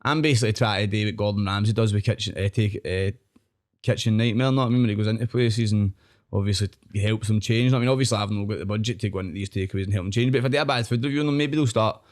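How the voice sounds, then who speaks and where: A man's voice: on the low side, racing. A young Scottish man, a podcast guest, rambling in casual chat and often tagging his sentences with "know what I mean".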